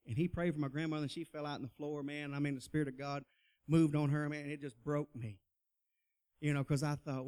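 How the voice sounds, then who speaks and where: A man's voice: a little high, fairly even intonation, a little fast, a little mellow. A middle-aged man, telling his testimony in a folksy preaching style, laughing often and calling out to the crowd. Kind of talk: personal testimony, sermon style.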